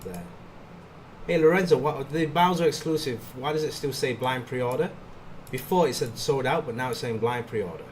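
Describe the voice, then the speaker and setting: A man's voice: medium pitch, normal speed, a little hiss or hum. A man hosting a live stream, giving viewers casual updates and talking with his co-host. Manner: relaxed, addresses viewers directly with updates. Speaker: livestream host.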